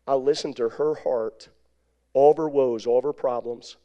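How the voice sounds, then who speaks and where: A man's voice: mid-range voice, steady tone, moderate pace, dull audio. A man, an evangelist, preaching by telling a folksy story in a rambling way, full of repetitions and asides. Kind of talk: storytelling sermon.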